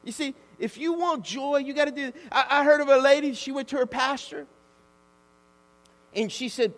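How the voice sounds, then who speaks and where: A male pastor preaching an animated, conversational sermon that calls out to the congregation. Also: very high voice, moderate pace, in a large hall.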